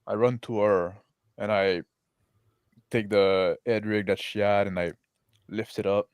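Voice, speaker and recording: Man, tabletop player, terse action calls, lowish pitch, dry sound. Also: steady tone, unhurried, smooth, no room sound. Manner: terse action calls, shouted lines in character. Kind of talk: in-character tabletop role-play.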